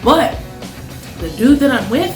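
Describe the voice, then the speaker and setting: A woman hosts a reaction video and gives her views in a frank, lecturing tone. Her voice sits in a roomy, echoing space. Clear music plays underneath her talk. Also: sits high, big pitch swings, measured pace. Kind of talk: reaction commentary.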